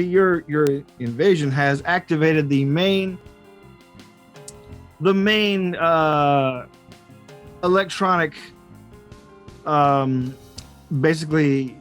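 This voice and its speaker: Rambly game master guy, kinda high voice, lots of uh and um. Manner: rambling, with many fillers and restarts. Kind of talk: narrating a tabletop game.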